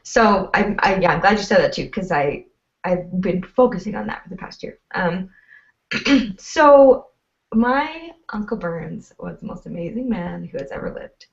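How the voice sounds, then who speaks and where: A woman's voice: medium pitch, lively intonation, unhurried, vocal fry. A woman guest in a casual chat, telling personal stories with a chatty manner. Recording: distant dull lo-fi sound.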